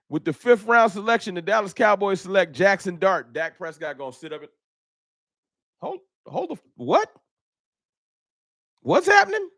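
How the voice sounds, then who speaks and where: A man's voice: a little high, no echo, studio quality. A man hosting a fan live stream, chatting casually and animatedly, joking and laughing at his own bits.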